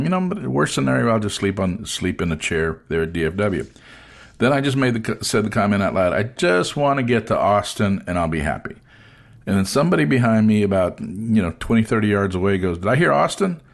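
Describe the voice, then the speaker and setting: A man hosting a casual chat, telling an animated story and acting out the voices of the people in it. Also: on the low side. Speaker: host.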